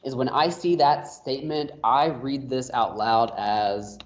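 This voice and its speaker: A man's voice: medium pitch, steady tone, a little slow. A man teaching an online math class, explaining casually with lots of fillers. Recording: roomy, dull lo-fi audio.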